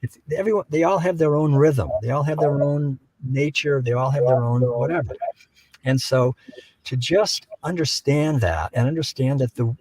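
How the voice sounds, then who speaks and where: An older man speaking as a guest in a reflective conversation, gentle and unhurried, telling stories with frequent restarts. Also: mid-range voice, slight background noise, poor audio.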